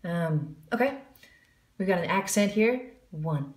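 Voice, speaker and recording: A woman's voice: lowish voice, animated, slow, a little mellow, roomy sound. A woman giving a jazz singing lesson, explaining the music and counting in before she scat-sings the examples. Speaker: vocal jazz teacher.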